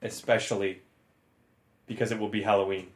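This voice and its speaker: A man's voice: on the low side, flat delivery, fairly quick, a little hiss or hum. A man co-hosting a comedy podcast, reading a story aloud and breaking in with sarcastic, exasperated asides. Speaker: podcast co-host.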